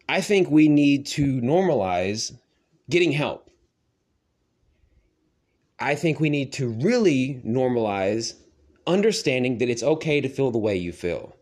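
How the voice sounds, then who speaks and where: A man's voice: mid-range voice, expressive, measured pace, long pauses, a little mellow. A young man telling a personal story in a loose, profane way and laughing at himself. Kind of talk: casual storytelling monologue.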